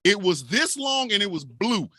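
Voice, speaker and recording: A podcast co-host casually recounts a wild story, animated and cursing a lot. The voice is medium-pitched at a moderate pace, recorded dry with clean studio sound.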